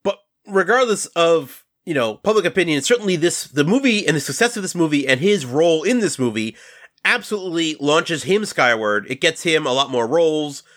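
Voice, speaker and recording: Bright-voiced man telling film stories. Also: on the high side, animated, fairly quick. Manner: storytelling, addresses listeners. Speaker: podcast host. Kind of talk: casual movie chat.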